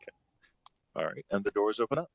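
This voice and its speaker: A man narrating as game master of a tabletop game, unhurried and full of ums and uhs. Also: on the low side, big pitch swings, gravelly, no room sound, lo-fi sound.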